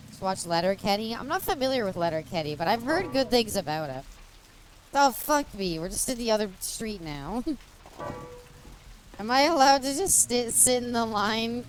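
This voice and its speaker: A woman's voice: mid-range voice, slight background noise. A young Canadian woman with a Canadian accent giving chatty, giggly commentary while streaming a game. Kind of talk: gameplay commentary.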